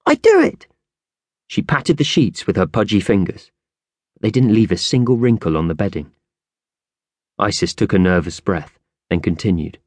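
A man narrating a children's audiobook with expressive storytelling. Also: deep voice, normal speed, long pauses, no echo. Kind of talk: scripted narration.

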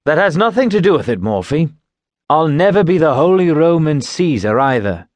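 A man's voice: a little high, sing-song, dry recording, pitched above the performer's own voice. A man doing a boozy, melancholy old playwright. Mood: petulant. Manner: slow, deliberate pronouncements. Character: boozy bald male playwright, melancholy and boastful.

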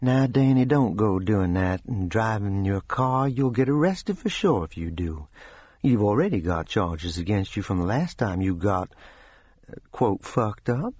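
Male narrator as a composed Southern-gentleman storyteller, dry and amused, low husky voice, audiobook. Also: measured pace, dry recording, dull audio. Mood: calm. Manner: calm, controlled, dryly amused. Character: calm, genteel older Southern gentleman storyteller.

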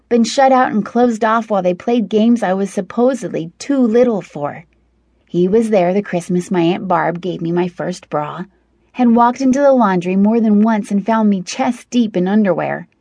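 A woman's voice: fairly low pitch, creaky, mellow, husky, no room sound, clean studio sound. A woman reading a first-person novel aloud as an audiobook narrator, in a wry, conversational storytelling manner.

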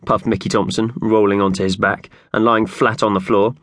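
A man's voice: lowish voice, fairly even intonation, normal speed, few pauses, a bit bright, no echo. A man narrating a children's audiobook in a playful storytelling manner.

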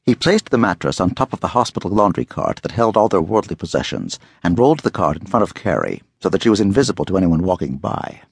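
Narrating a gritty thriller, this male audiobook reader gives a dramatic, expressive performance in a low, gravelly, husky voice that swoops across a wide range. He moves at a quick clip with hardly any pauses, and the recording is dry and close with no echo.

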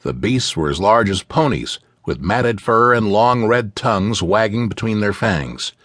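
A man reads an epic fantasy novel with an animated, widely varied pitch. His storytelling is vivid and expressive. The studio recording is very dry and close. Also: measured pace, no room sound. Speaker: audiobook narrator. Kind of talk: scripted fantasy narration.

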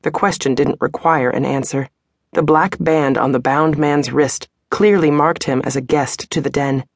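A woman narrating a romance audiobook in a steady, even storytelling manner. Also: deep voice, no echo, studio quality. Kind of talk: scripted narration.

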